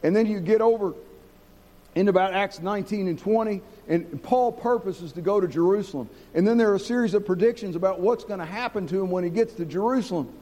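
Earnest preacher guy, highish mellow voice, long church hall reverb. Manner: earnest, slows and drops low for emphasis. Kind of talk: sermon.

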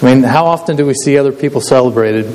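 A man's voice: medium pitch, fast talker, a little mellow. A man preaching a sermon in a conversational way, often asking his listeners to agree. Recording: long hall reverb with faint hiss.

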